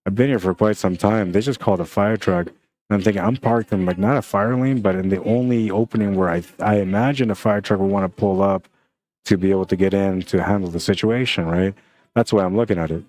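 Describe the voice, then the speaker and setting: A man casually telling a long story about being stuck in an elevator, full of "man" and "right?" and quick acted-out quotes. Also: deep voice. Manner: animated, lots of "man" and "right?". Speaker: stream commentator.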